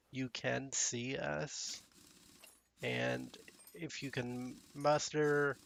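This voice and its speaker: Gravelly man musing over gameplay. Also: mid-range voice, a bit bright, dry recording. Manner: rambling, musing aloud while playing. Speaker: gaming channel host. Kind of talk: casual gameplay commentary.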